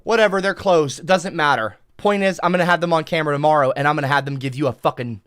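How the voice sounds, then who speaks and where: Brash streamer man with a forceful voice. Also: on the high side, fast talker, clear, resonant tone, dry recording, clean studio sound. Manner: profane, combative, shouting back at chat. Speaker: livestreamer reading chat. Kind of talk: casual livestream chat. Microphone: headset.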